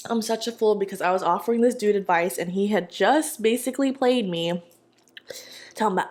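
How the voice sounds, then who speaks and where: A woman's voice: medium pitch, normal speed, long pauses, darkish tone. A young woman vlogger telling a sassy, slangy story while she eats. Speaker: mukbang vlogger. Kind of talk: casual storytelling while eating.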